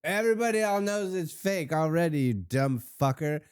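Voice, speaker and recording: A man's voice: a little high, moderate pace, clear, resonant tone, no echo, clean studio sound. A man co-hosting a podcast, ranting bluntly and profanely in casual chat about a reality show. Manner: blunt, profane, animated rants. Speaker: podcast co-host.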